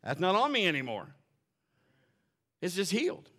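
Guy pastor preaching in church, kinda high voice, pitch bouncing all over, repeats himself a lot. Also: moderate pace. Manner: animated preaching with storytelling asides; repeats words when restarting. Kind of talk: sermon. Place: church service before a congregation.

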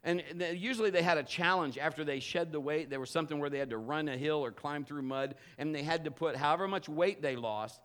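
A man preaching a sermon as pastor, telling a humorous personal story in an animated way. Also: fairly high pitch, fairly quick, hardly any pauses, smooth.

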